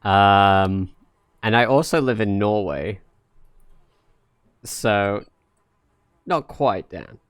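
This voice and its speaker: Slow-talking young Englishman streaming. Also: on the low side, lively intonation, clear, resonant tone, dry recording, clean studio sound. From England. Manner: rambling, jokey, many fillers. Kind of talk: casual live-stream chat. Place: home in Norway.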